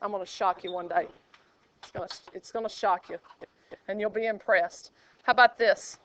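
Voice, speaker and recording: A woman's voice: medium pitch, fairly even intonation, moderate pace, fairly bright tone, slight background noise. A woman math teacher, teaching a classroom and joking with her students. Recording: dull lo-fi classroom recording.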